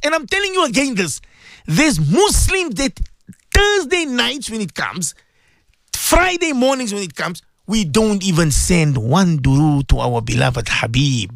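A man's voice: high-pitched, very animated, moderate pace, creaky, a bit bright, no room sound, clean studio sound. A man preaching a radio sermon, impassioned and pleading, repeating himself and mixing Arabic religious phrases into his English. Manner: impassioned, pleading, repetitive exhortation.

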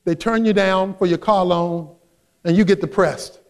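A man preaching a sermon as a pastor, emphatic and building up to shouts. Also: high-pitched, fairly even intonation, moderate pace, vocal fry. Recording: long hall reverb.

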